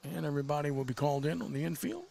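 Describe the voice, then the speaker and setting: A man calling baseball play-by-play, his voice rising sharply in pitch and volume on big plays. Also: animated, racing, creaky, dark tone. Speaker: play-by-play announcer.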